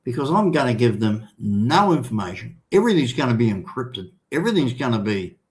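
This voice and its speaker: An older Australian man hosting a livestream, chatting casually and reading out viewer comments in a rambling, halting way with many restarts. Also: mid-range voice, big pitch swings, a little mellow. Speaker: livestream host.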